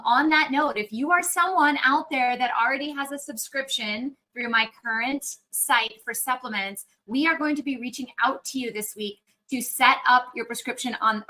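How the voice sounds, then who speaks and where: A woman chats upbeat and casual on a livestream, speaking straight to her viewers. Her voice sits a little high and rings bright and forward. She has a frog in her throat and keeps clearing it. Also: rough recording. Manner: chatty and upbeat, talking to viewers. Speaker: naturopathic doctor hosting a live Q&A. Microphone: external microphone on a livestream.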